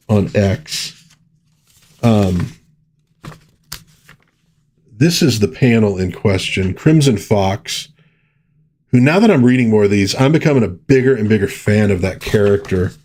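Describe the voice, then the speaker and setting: Man, middle-aged, lowish voice, casual live-stream host, enthusiastic, rambling. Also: lively intonation, a little slow, pauses often, darkish tone, a little hiss or hum. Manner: rambling, enthusiastic, many fillers.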